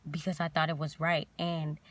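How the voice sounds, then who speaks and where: A young woman vlogger telling a painful personal story in a halting, emotional way, near tears. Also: deep voice, flat delivery, no echo.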